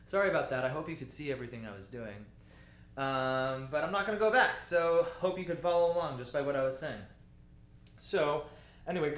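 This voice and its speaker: A man's voice: mid-range voice, fairly bright tone. Man, choir teacher, patient explanations, roomy echo. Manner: patient, explanatory, sometimes speaks lyrics slowly. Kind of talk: music lesson walkthrough.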